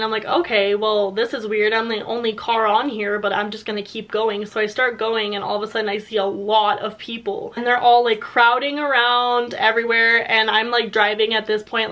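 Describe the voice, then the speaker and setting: A young woman in her twenties telling a story casually, animated, laughing often, with many filler words. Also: a little high. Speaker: YouTuber.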